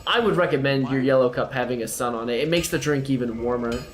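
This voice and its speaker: A man's voice: mid-range voice, fast, soft background music. Playful man streaming a game. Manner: playful, teasing, talks to the game and to chat. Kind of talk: live gameplay commentary, chatting with viewers.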